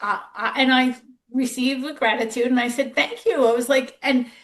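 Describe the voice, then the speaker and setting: A woman's voice: sits high, steady tone, moderate pace, a bit bright. A woman podcast host who works as a nurse, chatting and telling stories from her job, quoting herself along the way. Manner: chatty, storytelling, quotes herself. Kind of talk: podcast conversation.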